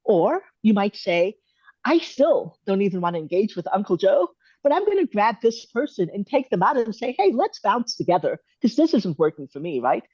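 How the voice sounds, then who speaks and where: A woman hosts a live Q and A over a video call. She coaches in a measured, thoughtful and gently encouraging way. The sound is dry and a little dull. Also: mid-range voice, sing-song, breathy edge, no echo. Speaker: host answering viewer questions.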